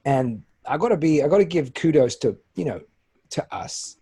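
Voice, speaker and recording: A man in his forties with an English accent co-hosts a casual talk show. He jokes at his own expense in a husky voice. His talk is loose and playful. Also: on the high side, expressive, moderate pace, warm tone. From England. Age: 40s. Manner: jokey, self-deprecating. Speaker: podcast co-host. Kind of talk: casual chat.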